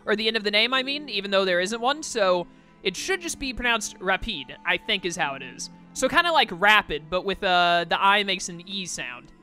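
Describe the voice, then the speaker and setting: A woman's voice: medium pitch, animated, normal speed, pushed and bright, faint music behind. A woman giving casual commentary over a video game playthrough, with wry, sarcastic asides. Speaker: let's play gamer.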